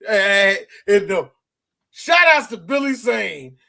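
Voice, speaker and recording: A man co-hosting a live podcast, an animated, profane storyteller who acts out scenes as he goes. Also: sits high, takes it slowly, gravelly. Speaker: podcast co-host. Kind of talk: live podcast chat about a film.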